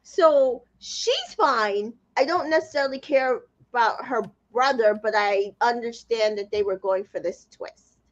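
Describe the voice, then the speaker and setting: Lively high-voiced woman co-host. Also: unhurried, muffled recording. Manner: animated, laughs often, acts out quotes. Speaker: podcast co-host. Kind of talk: casual reality TV recap chat.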